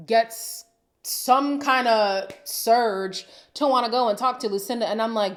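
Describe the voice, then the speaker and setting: Woman with a fairly high voice doing a sassy reality tv recap, dramatic sighs, drops into whispers. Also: unhurried. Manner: sassy and opinionated. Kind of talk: casual reaction commentary.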